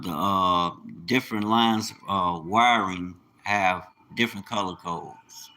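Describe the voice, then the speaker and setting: A man's voice: low-pitched, pushed and bright, poor audio. A man talking casually in street slang about fixing car wiring, then preaching fervently about scripture. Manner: uses double negatives and informal grammar. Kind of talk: casual monologue turning to preaching.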